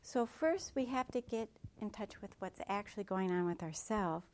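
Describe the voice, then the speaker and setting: A woman meditation teacher giving a dharma talk in a gentle, reflective way with soft asides. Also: mid-range voice, moderate pace.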